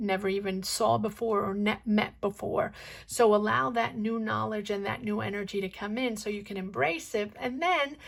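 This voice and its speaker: A woman's voice: mid-range voice, gravelly. A woman giving an encouraging tarot card reading, losing her voice, repeating key words. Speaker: tarot reader.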